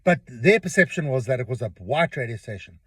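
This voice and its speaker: A man's voice: mid-range voice, lively intonation, brisk, a bit bright, breathy edge, dry recording. A middle-aged man hosting a podcast, rambling through a casual opinion monologue and often repeating his words as he tells stories. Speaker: podcast host.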